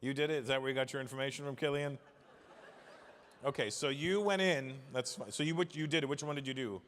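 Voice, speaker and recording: A man's voice: medium pitch, fast, a bit bright. A male stand-up comedian, brash and teasing the crowd, on a noisy live stage recording.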